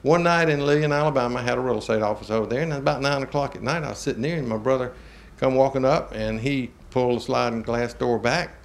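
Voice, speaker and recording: An older man from Georgia, hosting a talk show and telling a family story in a folksy, animated way with chuckles. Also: mid-range voice, fast. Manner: animated, chuckling, drawling Southern speech.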